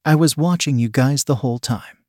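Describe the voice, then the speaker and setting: A man voicing a brash, laid-back husband, delivering the lines in an even, read-aloud way. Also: mid-range voice, fairly quick, dry recording, clean studio sound, lightly acted. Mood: teasing.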